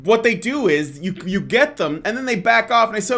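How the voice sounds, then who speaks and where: A man hosting a podcast, ranting in a fairly high voice. He swears freely and sounds exasperated, piling up "like" and "you know" and restarting sentences as he goes. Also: expressive, a little fast, few pauses, a bit bright. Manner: profane, exasperated, with frequent fillers and restarts. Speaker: podcast host. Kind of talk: heated casual rant.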